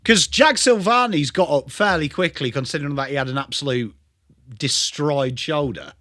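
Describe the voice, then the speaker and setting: An English man hosts a live footy watchalong stream, chatting away and calling out viewers by name in bursts of excitement. His voice sits a touch high, with a bright, ringing edge. The sound is close and dry. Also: normal speed, no room sound. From England. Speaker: livestream host. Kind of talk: live sports watchalong chat.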